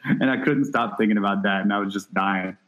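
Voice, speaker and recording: A man's voice: on the low side, brisk, fairly bright tone, highs cut off. A man co-hosting a podcast in casual chat, rambling loosely and swearing now and then. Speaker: podcast co-host.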